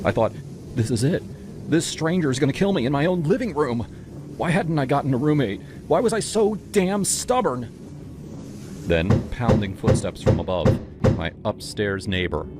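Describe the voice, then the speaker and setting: Deep-voiced male horror narrator. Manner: dramatic first-person storytelling. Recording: music bed under the voice. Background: music.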